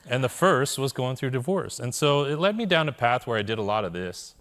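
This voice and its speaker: A man's voice: mid-range voice, expressive, brisk, a bit bright. A man telling his personal story to a live audience in a keynote talk, with candid, self-deprecating humor, often checking in with the listeners. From Korea. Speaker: conference speaker.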